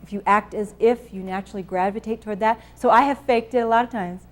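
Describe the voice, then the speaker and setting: A woman's voice: medium pitch, fairly even intonation, quick pace, crowd noise. A middle-aged woman giving a live parenting talk to an audience, laughing often and acting out scenes with her children. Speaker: parenting speaker.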